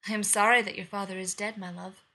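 A domineering king, played by a woman reading a fairy tale, firm and insistent, with no real drop in pitch. Her voice stays bright and slightly husky. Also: fairly even intonation, quick pace. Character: domineering hungry-eyed king, husband.

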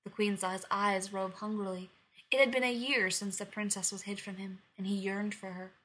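A woman narrating a dark fairy tale in a measured storytelling reading. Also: mid-range voice, steady tone, breathy edge, rough recording.

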